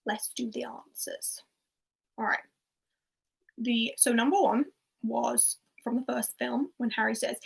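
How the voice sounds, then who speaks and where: A young woman hosting a casual livestreamed pub quiz, chatty and laughing softly as she reads out quotes and answers. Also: a little high, steady tone, measured pace, creaky, slightly rough.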